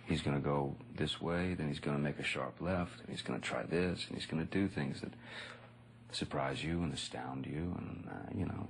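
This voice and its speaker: A man recounting anecdotes in a relaxed interview, rambling and laid-back with frequent "you know" and chuckles. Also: a bass voice, moderate pace, gravelly, slight background noise. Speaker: actor recalling a colleague. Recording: music bed under speech.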